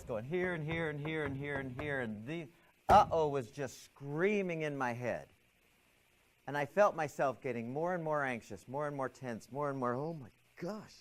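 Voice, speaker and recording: A man lecturing a class, telling a personal story and acting out his anxious thoughts and a calm inner voice. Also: medium pitch, poor audio.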